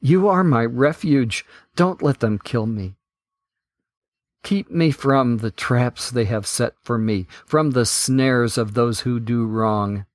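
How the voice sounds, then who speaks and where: A man hosting a Bible podcast, reading scripture in a measured, deliberate way. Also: mid-range voice, no room sound.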